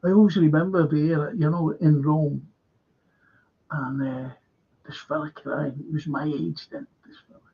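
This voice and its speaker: A man's voice: on the high side, fairly even intonation, measured pace, vocal fry, slightly rough. An older man with a Liverpool accent, chatting casually as a show host and rambling through sweary anecdotes. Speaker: podcast host. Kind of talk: casual chat. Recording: dull lo-fi recording.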